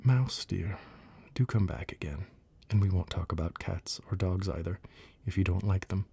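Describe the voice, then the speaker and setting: A man's voice: deep voice, moderate pace, heavily acted. A man whispering the part of a curious, polite little girl in a bedtime storybook reading, as whispered role-play. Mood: eager. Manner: soft, breathy whisper, earnest and fretful.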